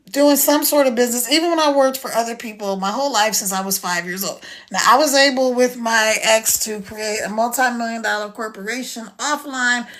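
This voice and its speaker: On a live stream, an American woman chats casually with viewers through her phone, persuasively pitching her online business program. Her voice has a slightly bright quality.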